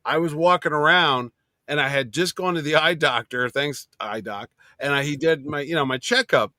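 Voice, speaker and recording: A man's voice: on the high side, fairly quick, bright, forceful tone, no echo, clean studio sound. A man co-hosting a casual talk show and telling a rambling story. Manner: chatty, rambling anecdotes. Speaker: podcast co-host. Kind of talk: casual chat.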